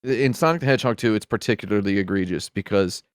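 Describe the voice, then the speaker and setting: A man on a podcast panel in casual chat, wry and opinionated, given to sudden loud impressions. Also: lowish voice, fast, dry recording, studio quality.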